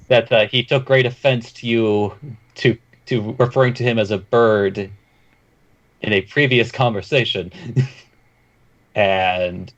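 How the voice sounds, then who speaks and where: A man's voice: lowish voice, fairly even intonation, slow pace, pauses often. A man playing in a tabletop game, chatting and narrating his character's actions in the third person. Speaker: player. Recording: dull lo-fi mic.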